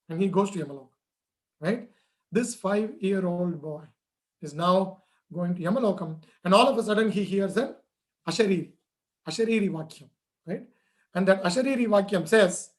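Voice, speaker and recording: Man, children's storyteller, conversational, high-pitched voice. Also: moderate pace. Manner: conversational, checks in with listeners.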